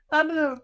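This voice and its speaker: A man's voice: very high voice, gravelly, a bit bright, lo-fi sound. A man, an army veteran and podcast guest, telling casual stories with plenty of swearing and laughter. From United Kingdom. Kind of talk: casual storytelling.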